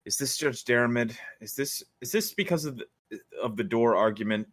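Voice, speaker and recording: A man's voice: mid-range voice, expressive, moderate pace, a bit bright, no room sound, voice pushed up. A man playing a weary, exasperated adventurer. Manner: tired, exasperated, sarcastic.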